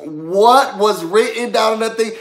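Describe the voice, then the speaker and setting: A man's voice: high voice, a little slow, fairly bright tone. A man recapping a reality show in casual, gossipy chat, talking straight to his viewers. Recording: echoey room.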